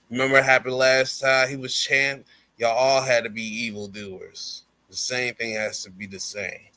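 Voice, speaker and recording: A man on a wrestling podcast tells the story of a show, loose and full of slang. His voice is bright and forward. He keeps slipping into the wrestlers' lines as he goes. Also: medium pitch. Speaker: podcast co-host. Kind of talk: casual wrestling recap chat.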